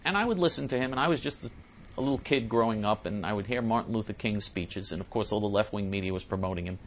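A man's voice: lowish voice, fast talker, a little hiss or hum. A male talk show host answering listener letters in an emphatic, repetitive way.

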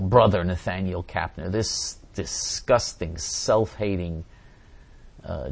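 Guy hosting a q&a show, kinda low voice, keeps repeating himself and restarting, gets really heated and emphatic. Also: breathy edge. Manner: halting, repeats words and restarts often. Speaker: host answering viewer questions. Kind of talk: casual reading and answering forum questions.

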